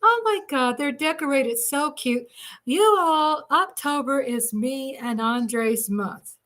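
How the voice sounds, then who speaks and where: A woman chats away on her home livestream, bubbly and quick to laugh. Her voice sits high and bright with a clear, ringing edge. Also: animated. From Texas. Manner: bubbly, chatty, laughs often. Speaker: livestream host. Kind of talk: casual livestream chat.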